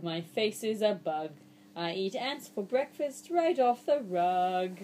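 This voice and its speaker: A woman's voice: fairly high pitch, big pitch swings, measured pace, mellow, a little hiss or hum. A woman reading a children's book aloud to a child, playful and mock-exasperated, breaking into silly nonsense sounds.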